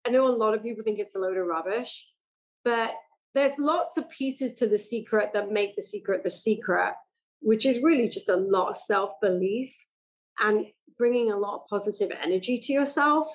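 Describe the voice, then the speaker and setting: A woman's voice: mid-range voice, moderate pace, low-quality recording. Woman telling stories animatedly. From England. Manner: animated storytelling, acts out quoted voices. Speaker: guest, entrepreneur and investor. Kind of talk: casual interview chat.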